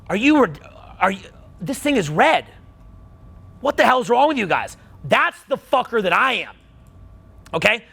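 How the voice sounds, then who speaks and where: A man's voice: high voice, creaky, sharp tone. A middle-aged man coaching a live seminar audience, blunt and profane, rising to heated outbursts. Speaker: dating and social skills coach.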